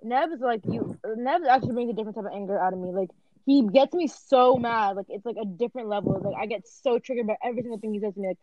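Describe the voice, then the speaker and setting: A woman talks fast in casual podcast chat, her slightly high voice tumbling through filler words. The sound is dry and close, with no room around it. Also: no echo, muffled recording. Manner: rambling, full of "like". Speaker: podcast co-host.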